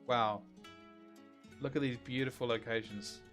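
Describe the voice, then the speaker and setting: A man reacting excitedly on a live stream, exclaiming and reading viewer questions. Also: medium pitch, a little slow, faint music behind.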